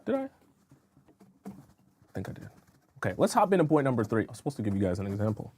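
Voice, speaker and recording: A man's voice: on the low side, big pitch swings, fast, darkish tone, slightly rough. A man coaching women on dating in a casual live stream, speaking frankly, reading viewer comments aloud and peppering his talk with "uh" and "right?". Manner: chatty, reads and answers viewer comments aloud; frank, repeats phrases and fills with "uh" and "right?".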